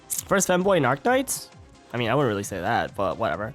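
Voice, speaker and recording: A man's voice: mid-range voice, huge pitch swings, brisk, fairly bright tone, soft background music. A man streaming a game live, chatting casually, stumbling over words and joking with his chat.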